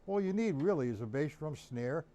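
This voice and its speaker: A man's voice: fairly high pitch, lively intonation, brisk, a little hiss or hum. A man giving a drum lesson on a live stream, counting beats aloud and asking viewers by name whether they follow. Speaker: drum teacher. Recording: loud drumming behind the voice.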